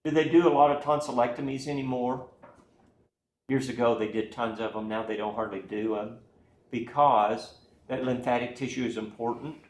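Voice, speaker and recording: Male instructor, folksy classroom lecture, keeps asking "right?", mid-pitched, recorded from a distance in a roomy space. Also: fairly even intonation, normal speed. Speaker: anatomy instructor. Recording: echoey room, voice from far off.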